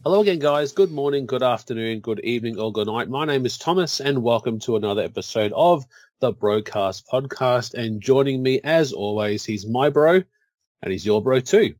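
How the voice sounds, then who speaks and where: A man's voice: mid-range voice, animated, moderate pace, a little mellow, dry recording. An Australian man hosting a podcast, talking in a friendly, upbeat and earnest way. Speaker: podcast host. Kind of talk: casual podcast chat.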